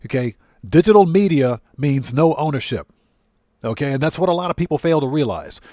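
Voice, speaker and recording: A man's voice: on the high side, sing-song, a little fast, dark tone, no echo, clean studio sound. A man hosting a livestream, ranting indignantly and greeting chatters by name. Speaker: livestream host.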